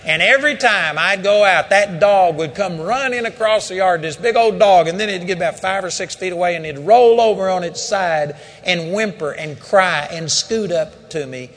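A man's voice: high-pitched, moderate pace, hardly any pauses, fairly bright tone. Older man preaching an emphatic sermon. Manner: storytelling, rising to emphatic exhortation.

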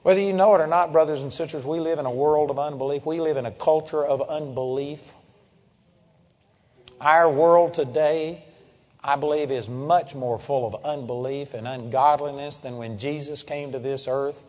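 A man preaching a sermon, emphatic, swinging between loud declarations and low, intense passages. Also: moderate pace, big-room sound.

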